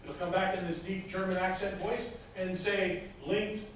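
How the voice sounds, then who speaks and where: A man's voice: high voice, little pitch movement, normal speed. A man teaching a class, explaining technical steps one by one with frequent hesitations, recorded from across the room. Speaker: instructor. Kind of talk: classroom lecture. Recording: echoey room from far off, faint noise.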